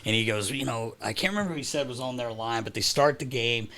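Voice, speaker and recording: Man, podcast host, casual studio chat; loose, profane, quick to laugh, acts out quotes. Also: mid-range voice, sharp tone. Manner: swearing, laughing storyteller doing quoted voices.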